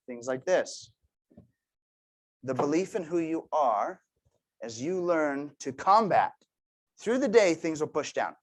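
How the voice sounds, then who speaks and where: A man in his thirties giving a motivational talk to a team, telling stories with quiet asides and sudden loud bursts. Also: a little high. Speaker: motivational speaker.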